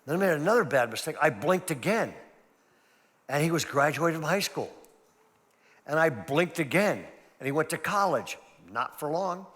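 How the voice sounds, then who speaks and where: A man's voice: a little high, lively intonation, moderate pace, a bit bright, a little hiss or hum. Older male pastor in a reverberant hall. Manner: storytelling, conversational and emphatic. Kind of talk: sermon-style seminar talk. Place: large church hall.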